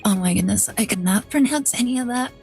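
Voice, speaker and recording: A woman's voice: mid-range voice, fast, a little mellow, soft background music. A woman streamer giving casual, giggly commentary over a game, exclaiming and tripping over words.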